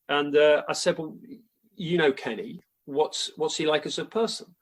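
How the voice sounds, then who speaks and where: Husky man telling a football anecdote. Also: a little high, moderate pace. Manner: animated, quoting others at length. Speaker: football journalist guest. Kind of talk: storytelling anecdote.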